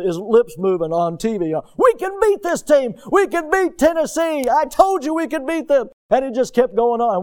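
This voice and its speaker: A man's voice: high-pitched, warm tone, clear, resonant tone. A man preaching a sermon in a folksy, emphatic way, often asking the congregation questions.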